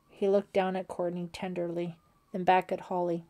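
A woman narrating a thriller audiobook in a steady, suspenseful storytelling manner. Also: lowish voice, normal speed.

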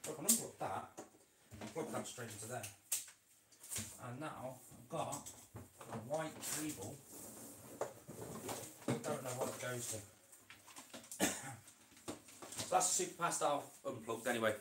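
A man's voice: mid-range voice, a little slow, pauses often, distant mic, very noisy. Male vlogger, casual rambling chat mid-task, recorded off-mic in an echoey room. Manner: rambling, chatty, talks to his animals while working. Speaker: reptile keeper vlogger. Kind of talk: casual vlog chat while working. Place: indoor reptile room. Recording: roomy sound, away from mic.

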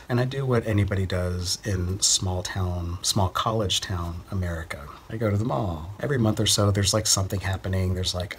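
A young man from Central Texas casually telling a personal story, rambling and relaxed with lots of fillers and sighs. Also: deep voice, a little hiss or hum.

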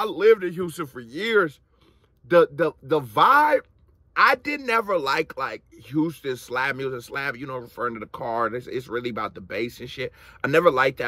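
A man's voice: lowish voice, sharp tone, no room sound. A man casually reacting to rap videos, talking in a loose, slangy, rambling way with many restarts.

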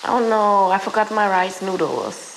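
Hoarse, sick woman vlogging. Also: mid-range voice, lively intonation, measured pace, a little hiss or hum. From Germany. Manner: chatty, self-deprecating, talks to the viewer while cooking. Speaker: lifestyle vlogger. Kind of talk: casual cooking vlog chat. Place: home kitchen.

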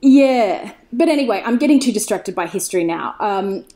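A woman's voice: medium pitch, expressive, normal speed, dark tone. A woman talking as a podcast guest, chatty and enthusiastic, wandering off on tangents as she tells the story. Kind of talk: casual chat.

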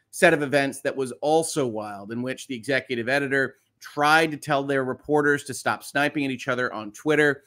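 A man's voice: mid-range voice, bright, forceful tone. A man hosting a morning livestream on legal news, chatty and upbeat as he greets viewers and reads their comments aloud. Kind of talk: casual livestream chat.

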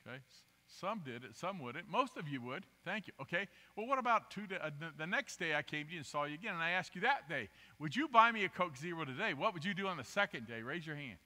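A man with a fairly high, very bright voice preaches to a congregation, chatting with them and asking them to raise their hands. He drops to quiet asides and then rises to loud, emphatic bursts. His voice carries through the long reverb of a church hall. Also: fast talker, hardly any pauses. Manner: animated, interactive with the congregation, asks for raised hands. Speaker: guest preacher. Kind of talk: sermon. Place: church sanctuary.

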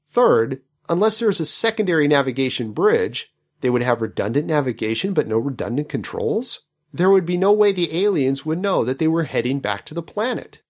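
A man hosting a podcast, picking apart a novel's plot with wry skepticism. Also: fairly high pitch. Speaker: podcast host. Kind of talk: book commentary podcast.

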